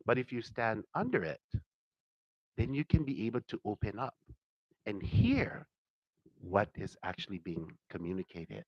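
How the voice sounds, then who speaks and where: Man, community talk, lively storyteller, dull dry lo-fi sound. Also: mid-range voice, dry recording. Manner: animated, acts out quoted voices. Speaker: Hawaiian cultural teacher giving a talk.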